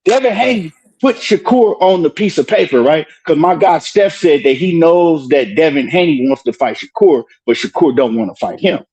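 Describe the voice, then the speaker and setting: A man argues his point insistently on a live stream, his voice sitting a little high for a man. He keeps circling back with "right?" and cuts in with repeated "hold on", heard through an earbud mic. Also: expressive, moderate pace, hardly any pauses, darkish tone, breathy edge, lo-fi sound. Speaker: boxing commentator in a live stream debate. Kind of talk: heated debate on a live stream.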